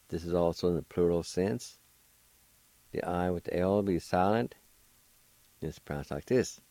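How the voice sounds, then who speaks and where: A man's voice: low voice, darkish tone, no room sound, low-quality recording. A man teaching a language lesson, spelling out and pronouncing words one sound at a time in a patient, encouraging way. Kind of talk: slow spelling and pronunciation lesson.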